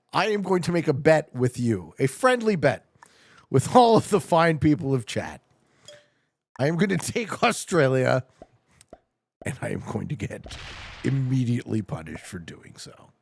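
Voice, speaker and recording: A man's voice: medium pitch, big pitch swings, unhurried, vocal fry, pauses often, slightly rough, no echo. A man streaming a strategy game live, commenting on his moves, laughing and chatting with his viewers.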